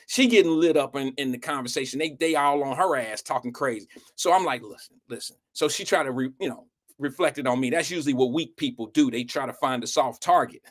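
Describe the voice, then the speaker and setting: A man hosting a live show, telling a story in an animated way, swearing freely and speaking straight to his audience. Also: a little high. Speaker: show host.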